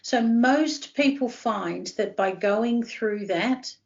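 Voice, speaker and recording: A woman with an Australian accent, a counselling psychologist calmly explaining and guiding step by step. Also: a little high, slow, gravelly, highs cut off. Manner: steady, reassuring, guiding step by step. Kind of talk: calm explanatory interview talk.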